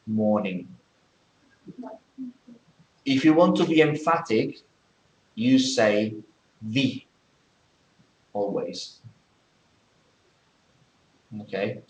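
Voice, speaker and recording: A man's voice: fairly low pitch, reverberant, slight background noise, low-quality recording. A man teaching English in a classroom, explaining things step by step and checking in with many okays. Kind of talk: classroom lesson.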